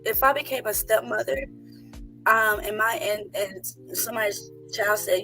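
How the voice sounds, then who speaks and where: A woman in a casual panel discussion, speaking heartfelt and animated about her own family. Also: medium pitch, measured pace, gravelly, faint music behind.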